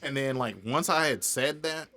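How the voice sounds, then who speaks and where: A young man speaks as a guest in a casual interview, his voice bright and forceful. He tells his story in an animated way, laughing often and acting out what other people said. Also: medium pitch, normal speed. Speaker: independent music artist, guest.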